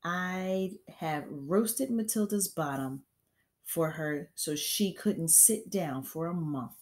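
A woman voicing a huge, furious headmistress who barks and booms her scorn, read aloud from a storybook. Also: slow. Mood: scornful, bellowing. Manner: loud barking, booming delivery.

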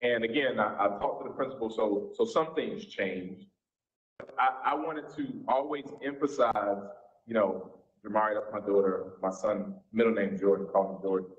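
A man's voice: lowish voice, normal speed. Folksy Southern pastor in his forties. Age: 40s. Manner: folksy, informal preacher's talk. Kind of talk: seminar teaching with Q&A. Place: church sanctuary. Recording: echoey, dull church recording.

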